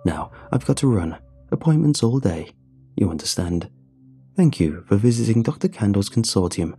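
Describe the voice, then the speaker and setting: A man voicing a brisk, dismissive doctor who hurries his customer out the door in a storybook reading. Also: on the low side, sing-song, mellow, husky, faint music behind, full character voice. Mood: curt.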